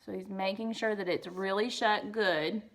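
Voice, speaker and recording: A woman's voice: medium pitch, steady tone, moderate pace, a bit bright. A woman reading a picture book aloud to children, stopping often for chatty, amused asides about the pictures. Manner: chatty, amused asides between read lines. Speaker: reader.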